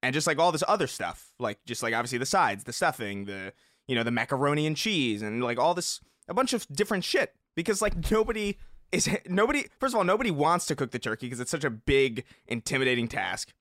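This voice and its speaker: A man's voice: mid-range voice, sing-song, a little fast, fairly bright tone, no room sound, studio quality. A man in a casual podcast chat, rambling loosely and leaning on filler words.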